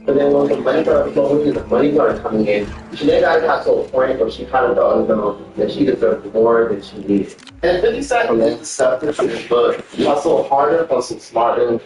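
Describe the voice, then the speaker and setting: A man's voice: mid-range voice, normal speed, music in the background. A man giving loose, rambling casual commentary and repeating himself. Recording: echoey distant audio with crowd noise.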